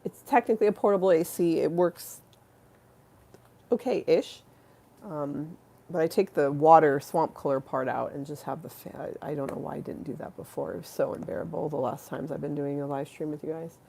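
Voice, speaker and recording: Low gravelly woman chatting on a livestream. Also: moderate pace, mellow. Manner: chatty, rambling, affectionate, many fillers and restarts. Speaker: livestream host. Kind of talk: casual livestream chat with viewers.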